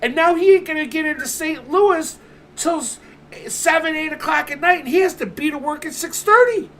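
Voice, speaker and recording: A man's voice: very high-pitched, normal speed, bright, forceful tone, slight background noise. A man streaming from home, telling a story in casual chat, swearing constantly and ranting with animation.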